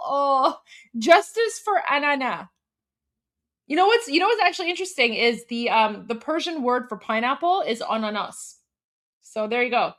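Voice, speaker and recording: A woman in her forties from Canada hosts a casual live stream. She talks in a chatty, giggly way and packs her sentences with fillers. Her voice sits a little higher than most women's. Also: sing-song, normal speed, a bit bright. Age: 40s. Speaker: livestream host.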